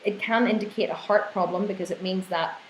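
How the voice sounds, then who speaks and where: A woman fitness coach hosting a live Q&A, reading out viewer questions and going off on animated rants. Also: medium pitch, a little fast, roomy sound, a little hiss or hum, rough recording. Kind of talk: live online Q&A.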